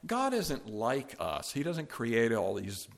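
A man preaching a sermon verse by verse, swinging from loud emphatic peaks down to quiet, low asides. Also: wildly swooping pitch, slow, vocal fry.

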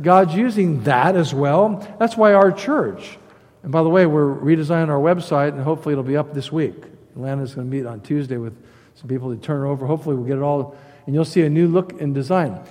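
A pastor preaching a sermon, emphatic, repeating key phrases and swinging between loud stresses and quiet asides. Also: male voice, fairly high pitch. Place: church sanctuary. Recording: long hall reverb.

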